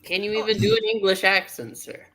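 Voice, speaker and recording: A man's voice: high voice, animated, fairly quick, sharp tone. A man hosting a casual comic reading chat, laughing often between jokes. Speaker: host.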